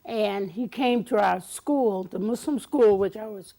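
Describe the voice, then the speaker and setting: An older woman guest in an interview, telling stories in an animated way, acting out quotes and laughing often. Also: medium pitch, unhurried. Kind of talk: storytelling interview.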